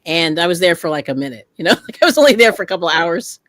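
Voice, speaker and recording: A woman hosting a casual craft chat, telling stories in a lively way, laughing often and greeting viewers. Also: lowish voice, fast talker, no room sound, studio quality. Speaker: host.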